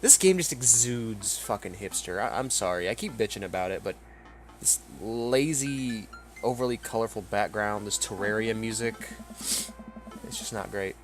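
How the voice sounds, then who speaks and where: A man's voice: on the low side, normal speed, faint music behind. Grumbling, sarcastic man commentating a game. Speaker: let's play commentator. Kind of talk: solo game commentary reading dialogue.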